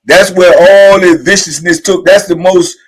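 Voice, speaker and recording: A middle-aged man, hosting and telling prison stories in a casual, animated way, acting out the people he quotes. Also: high-pitched, a little slow, husky, poor audio. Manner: animated storyteller, acts out quotes, "you know what I'm saying". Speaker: host sharing prison stories. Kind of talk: casual storytelling conversation.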